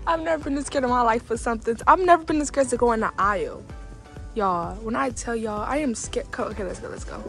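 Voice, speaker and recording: Giggly high-pitched young woman vlogger. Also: a little fast, soft background music. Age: young adult. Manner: giggly, nervous and excitable, talks to viewers. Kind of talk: casual vlog chat. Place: big store, indoors.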